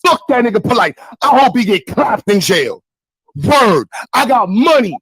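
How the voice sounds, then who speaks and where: A young man with a Brooklyn accent, ranting angrily to his chat on a livestream, shouting and swearing. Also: high voice, very animated, moderate pace, husky, no room sound, poor audio. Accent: Brooklyn, New York. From New York. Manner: angry, shouting, profane.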